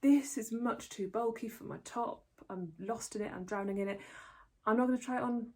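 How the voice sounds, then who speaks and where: A woman's voice: on the high side, moderate pace, darkish tone. A woman hosting a knitting podcast, talking casually to the camera in a rambling, self-deprecating way with many restarts.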